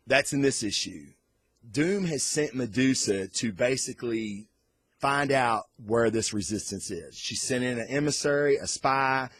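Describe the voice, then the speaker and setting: A man giving a casual, excited comic book review on camera, rambling off on tangents and swearing freely. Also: mid-range voice, husky, no echo. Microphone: recorded on camera.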